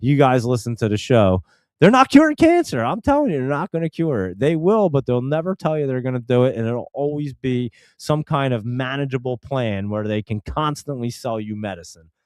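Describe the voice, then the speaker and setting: A man's voice: mid-range voice, moderate pace, hardly any pauses, darkish tone, no room sound, studio quality. A man hosting a stock market show, chatting casually and rambling with many fillers and restarts. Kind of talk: casual live-stream chat.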